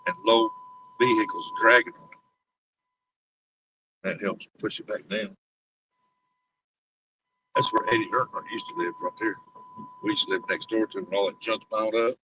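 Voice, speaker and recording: A man's voice: medium pitch, huge pitch swings, moderate pace, long pauses, sharp tone, dull audio, a little hiss or hum. An older man, chatting casually on a livestream while he drives on icy roads, teasing his passengers and talking to his chat. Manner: folksy, rambling, teasing, talks to chat and passengers. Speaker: livestream host. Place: inside a car on icy roads.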